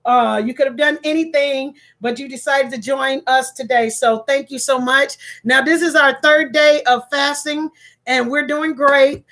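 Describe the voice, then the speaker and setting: A woman hosting a casual livestream, warmly thanking her viewers by name and laughing easily and often. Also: sits high, fairly even intonation, a little slow. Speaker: livestream host.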